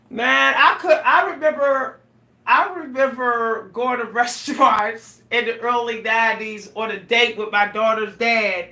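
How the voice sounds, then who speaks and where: High, bright-voiced woman vlogger, echoey room. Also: measured pace. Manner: animated, laughing, exclaiming, addresses viewers as y'all. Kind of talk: casual monologue to viewers. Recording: echoey room, voice a bit far from the mic.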